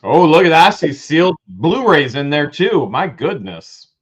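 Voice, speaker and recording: A man hosting a live-stream auction, loudly calling out lots and prices with excitement. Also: fairly high pitch, moderate pace, breathy edge, highs cut off. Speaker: livestream auction host.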